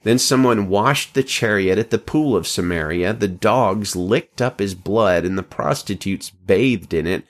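A man reading scripture aloud at an unhurried pace, with occasional slips and self-corrections, lifting his pitch for quoted speech. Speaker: scripture reader.

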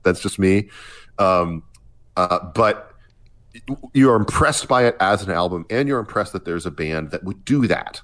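A man's voice: low-pitched, animated, measured pace, a bit bright. A man co-hosting a casual music podcast, thinking aloud with frequent restarts and fillers. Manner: hesitant, many restarts and fillers. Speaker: podcast co-host.

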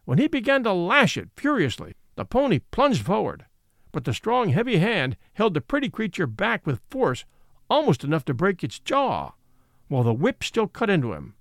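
A man's voice: high voice, huge pitch swings, moderate pace, creaky, fairly bright tone, no room sound, clean studio sound. A man reading a classic novel aloud, giving its characters their own voices. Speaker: audiobook narrator. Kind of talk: scripted storybook narration.

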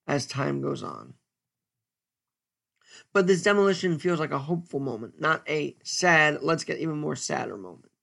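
A man giving an earnest, stern solo commentary as a podcast host, speaking deliberately with pauses. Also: a little high, creaky, a bit bright.

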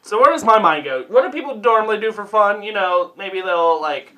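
A young man co-hosting a podcast tells a rambling, profanity-heavy story, cracking himself up along the way. His voice is high and bright, and it rises and falls in animated swings. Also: a little fast. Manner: heavy swearing, rambling, laughing often. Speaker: podcast co-host. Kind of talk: casual storytelling chat.

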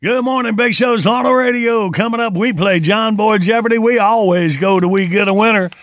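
A man's voice: high-pitched, a little fast, music in the background. A man hosting a morning radio show, easygoing and folksy, reading promos and games. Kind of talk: casual morning radio banter.

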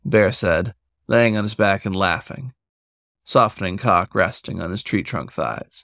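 A man reading a story aloud for a podcast in a steady, measured way. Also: low voice, vocal fry, no room sound, studio quality. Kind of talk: scripted narration.

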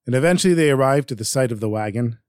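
A man narrating a folktale in an expressive, dramatic storytelling manner. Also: mid-range voice, very fast, no room sound, studio quality.

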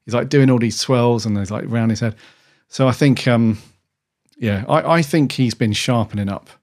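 In a mid-range, darkish voice at a moderate pace, a podcast co-host talks casually. He rambles with plenty of restarts and keeps dropping "dude."

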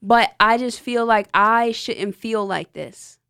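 A woman's voice: a little high, slow, a bit bright, clear, resonant tone, no echo. A woman hosting a podcast in a studio, chatting openly and jokingly about her own feelings. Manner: candid, joking, talks through her feelings. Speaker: podcast host. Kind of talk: casual podcast chat.

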